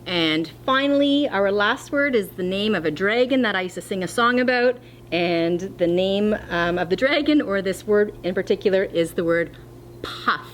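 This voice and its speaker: Woman teacher, patient and clear for small children, animated pitch, slight hum on the recording. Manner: slow, clear, encouraging teacher talk to young children. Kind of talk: distance-learning phonics lesson.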